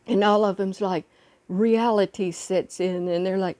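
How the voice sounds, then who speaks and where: A woman's voice: medium pitch, fairly even intonation, a little slow, darkish tone. A woman vlogger earnestly retelling a film story in casual talk, recorded on a phone. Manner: earnest, encouraging.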